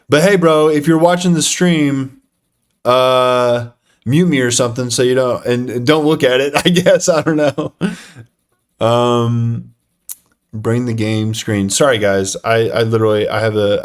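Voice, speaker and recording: A young man live-streaming a chess game, talking to himself and chat with lots of fillers and self-deprecating groans. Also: medium pitch.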